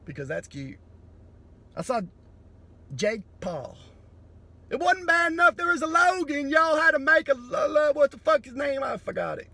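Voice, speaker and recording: A man doing a profane, sardonic comedy monologue that breaks into sudden loud bursts. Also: very high-pitched, big pitch swings, normal speed, creaky, long pauses.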